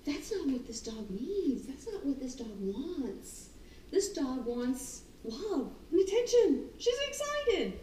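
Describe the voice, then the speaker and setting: Animated woman dog trainer, high voice, echoey room, mic set back. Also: slow, a little hiss or hum. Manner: animated, acts out excited calls and the dogs' thoughts. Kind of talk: casual talk on dog training. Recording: roomy, distant mic, faint ambience.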